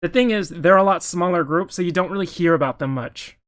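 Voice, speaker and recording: This is casual political commentary from a man responding to news articles: he is brisk and fired up, full of opinions, and keeps restarting sentences partway through. His voice sits high with a slightly bright tone.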